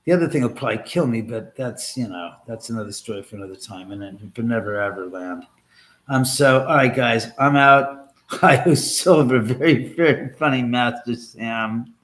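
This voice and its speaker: A man's voice: medium pitch, moderate pace, fairly bright tone, a little hiss or hum. A man hosting a casual livestream from his home, rambling and joking crudely with viewers and laughing often. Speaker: livestream host.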